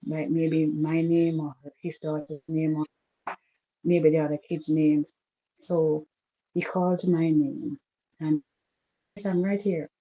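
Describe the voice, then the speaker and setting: Halting woman, dull lo-fi line. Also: sits low. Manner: halting, repeats herself, restarts sentences. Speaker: caller telling her story. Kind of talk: emotional personal storytelling.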